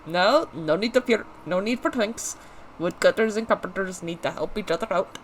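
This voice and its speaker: A man's voice: sits high, lively intonation, normal speed, slight background noise. A player voicing a friendly male woodcutter, putting on a thick, uncertain accent and reading game dialogue in a folksy, teasing way. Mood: hearty. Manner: folksy, teasing, calls people mate.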